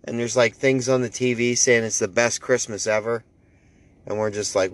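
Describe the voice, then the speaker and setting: A man, hosting a podcast in a wry, rambling monologue full of halting restarts. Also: medium pitch, no room sound. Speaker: podcast host.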